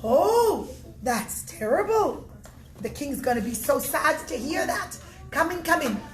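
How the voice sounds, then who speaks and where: A woman's voice: sits high, unhurried, voice pushed up. A woman voicing brusque Roman soldiers. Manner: loud, brusque questioning. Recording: echoey room with steady noise.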